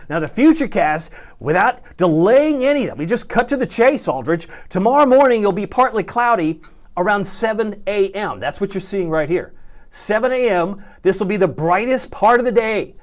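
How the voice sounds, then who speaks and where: A man's voice: high voice, animated, moderate pace. A middle-aged man, a chief meteorologist, presenting a live weather broadcast in a folksy, chatty way with jokey asides.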